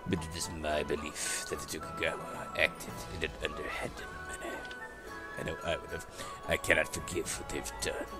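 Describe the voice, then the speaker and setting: A man's voice: extremely low pitch, flat delivery, normal speed, over loud music, pitched below the performer's own voice. A man voicing a bitter, vengeful samurai retainer, reading game dialogue with mounting, exaggerated anger. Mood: grim. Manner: seething, rising into exaggerated anger.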